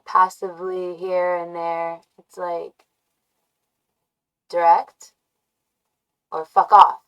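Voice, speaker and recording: A woman live streaming from a dark room, chatting casually, musing and often laughing or humming to herself. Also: on the low side, takes it slowly, long pauses, clear, resonant tone. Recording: voice from far off the mic.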